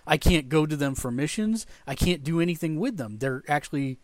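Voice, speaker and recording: A slightly high-pitched man chatting casually on a podcast, excitable and animated, circling back to repeat himself as he talks. The sound is dry and close with no room around it. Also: fairly quick, no echo. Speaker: podcast co-host. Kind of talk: casual chat.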